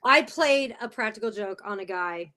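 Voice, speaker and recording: A middle-aged woman telling an animated, laughing story in a casual chat as a podcast guest. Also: medium pitch, moderate pace.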